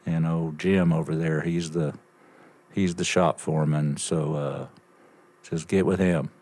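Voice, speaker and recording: An older man telling a lively story as a podcast guest, swearing freely and acting out bits of conversation. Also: very deep voice, measured pace. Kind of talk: casual storytelling.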